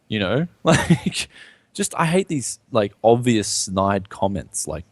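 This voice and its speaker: A young man with a fairly low voice co-hosts a gaming live stream, chatting casually and rambling along. His pitch jumps around a lot as he talks. The sound is dry and close. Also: takes it slowly, no echo. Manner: animated, rambling, sprinkles "like".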